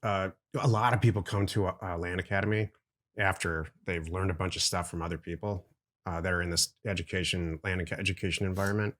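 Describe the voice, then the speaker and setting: This is a middle-aged man co-hosting a relaxed business podcast. His voice sits low, and he explains things in plain terms. He gives his opinions bluntly and without softening them. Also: brisk. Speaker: podcast co-host. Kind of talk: casual business podcast chat.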